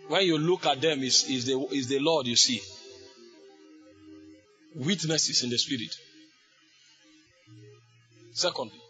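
Fervent preacher man, bright voice. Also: mid-range voice, slow, pauses often, faint music behind. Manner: fervent preaching with sudden shouted bursts. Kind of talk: sermon.

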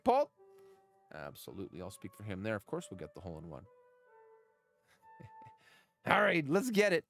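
A middle-aged man, chatting with his live chat while giving game commentary, swinging from calm tips to loud outbursts. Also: mid-range voice. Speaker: gaming livestreamer.

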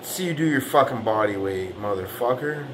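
Over a noisy background, this man speaks at a normal speed in a fairly low, animated voice. He's a fitness vlogger on a profane reaction rant, boastfully trash-talking rivals and arguing, leaning again and again on "man" and "right."

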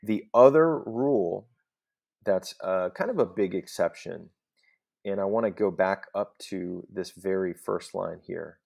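A man's voice: low voice, unhurried, gravelly, darkish tone. A man teaching a recorded Latin lesson, explaining step by step in a patient voice and often checking in with "okay?".

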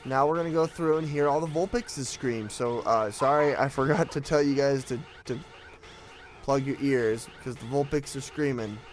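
A man commentating on his gameplay at home, with his children beside him, often bursting into joyful shouts. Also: mid-range voice, moderate pace, a little hiss or hum. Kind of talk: casual let's-play commentary.

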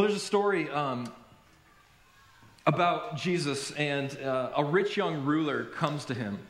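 A male pastor preaches in a high, bright-toned voice and tells stories with lively, self-deprecating humor. The room is echoey, the sound of a church sanctuary. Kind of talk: sermon.

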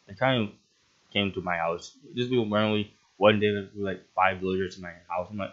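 Excitable young-sounding gaming commentator. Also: male voice, fairly low pitch, fairly quick, muffled recording. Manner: excitable, laughs often, bursts into yelps. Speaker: gaming channel host. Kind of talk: gameplay commentary.

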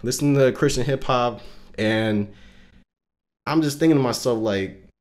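A man telling a personal faith story on a casual podcast, earnest and emotional, with lots of fillers. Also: normal speed. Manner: rising pitch and loudness when recounting intense moments. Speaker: podcast co-host and Christian musician.

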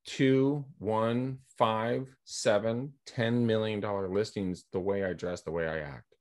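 A middle-aged man from California with a lowish voice, chatting over a video call. He tells rambling, energetic anecdotes and acts out the other people's lines. He speaks as a guest in a relaxed podcast interview. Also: slow pace. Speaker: guest, real estate agent and coach. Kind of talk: casual storytelling in a podcast interview.

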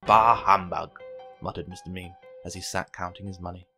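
A man reading a children's picture book aloud with gentle, expressive storytelling. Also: low voice, fast talker. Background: faint background music.

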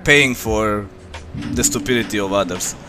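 Rambling low-voiced man from Romania. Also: moderate pace. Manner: relaxed, rambling, many fillers. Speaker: streamer. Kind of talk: casual chat with viewers. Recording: music playing behind.

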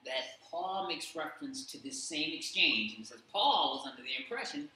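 A man with a slightly high, bright, forceful voice speaks animatedly at normal speed, leading a casual Bible study discussion. He tells stories full of fillers, in a very echoey room with a faint hum in the background.

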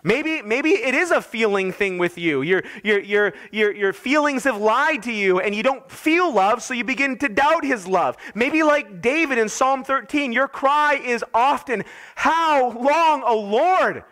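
Guy pastor preaching a sunday sermon, high voice, piles up repeated lines, earnest. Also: expressive, a little slow, few pauses, bright, forceful tone. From United States. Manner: earnest preaching with repeated emphatic phrases and restarts. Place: church.

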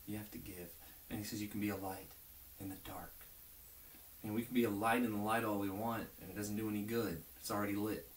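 A young man giving an informal, earnest video sermon as a youth pastor, often dropping to near whispers. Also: fairly low pitch. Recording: echoey room, mic at a distance, faint hiss.

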